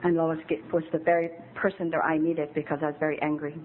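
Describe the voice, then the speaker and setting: A woman's voice: low-pitched, level tone, quick pace. A woman in her fifties giving a candid, emotional recovery talk at a meeting. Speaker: AA speaker. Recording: tinny phone-like old tape with faint hiss.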